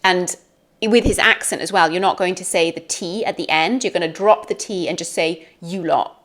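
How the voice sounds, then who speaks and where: A woman's voice: fairly low pitch, normal speed. British woman explaining English slang. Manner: chatty, friendly explaining with soft laughs. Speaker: English teacher. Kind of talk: casual explanatory lesson.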